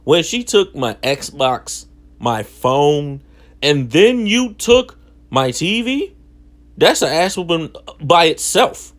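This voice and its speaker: A man's voice: a little high, very animated, slow. A young man casually telling a story from his childhood in slangy, self-mocking talk. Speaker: vlogger.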